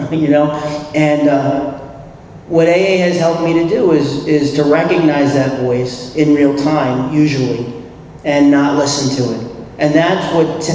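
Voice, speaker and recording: A man with a New York accent telling his recovery story at a convention, animated, acting out dialogue and laughing often. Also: fairly high pitch. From New York City. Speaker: recovery meeting speaker. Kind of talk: personal recovery story talk. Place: convention hall. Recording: echoey hall, distant mic, faint hiss.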